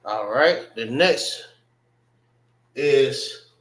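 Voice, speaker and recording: A man leads a language class at an unhurried pace, going over each word again and again. His voice has a mid pitch and echoes around the room he teaches in. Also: lively intonation. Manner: slow, repeats words while spelling them out. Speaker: religious class instructor.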